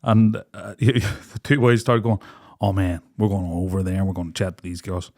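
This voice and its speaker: A man's voice: low voice, flat delivery, normal speed, darkish tone. An Irish man, a young adult podcast co-host, telling a night-out story in casual chat, swearing freely and acting out quotes between bursts of laughter. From Ireland.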